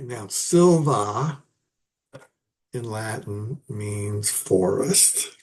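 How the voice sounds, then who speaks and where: Slow, gravelly man lecturing on poetry. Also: fairly low pitch, darkish tone. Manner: halting, many fillers and restarts, chuckles at his own asides. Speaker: literature teacher.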